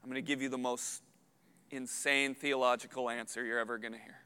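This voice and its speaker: Pastor guy preaching, bright clear voice, earnest, gets loud on big points, long hall echo. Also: mid-range voice, little pitch movement, brisk. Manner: earnest, builds to loud emphatic peaks. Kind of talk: sermon.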